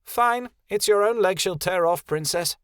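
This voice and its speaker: A man voicing a fierce young female fairy who is emotional and sharp-tongued. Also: sits high, unhurried, clean tone, no room sound, studio quality, voice pushed up. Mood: sarcastic.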